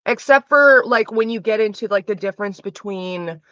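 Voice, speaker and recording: A woman's voice: mid-range voice, moderate pace, a bit bright, no room sound. A young woman chatting casually on a livestream, rambling with lots of fillers, restarts and casual swearing. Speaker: streamer. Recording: dull lo-fi dry sound.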